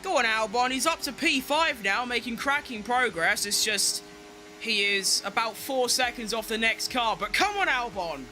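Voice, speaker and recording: A young man rattles off live commentary while he races, excitable and quick to swear at rivals or plead with his car. His voice sits high and sounds very bright and sharp. Faint music plays under him. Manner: excitable, swears, talks to himself and the game. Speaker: game streamer. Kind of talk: live racing game commentary.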